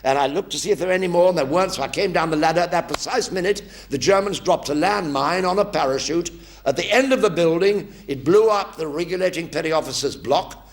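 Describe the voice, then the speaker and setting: A man's voice: a little high, fast. An older man telling wry wartime anecdotes on a theatre stage in a one-man show. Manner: lively, wry, acts out voices.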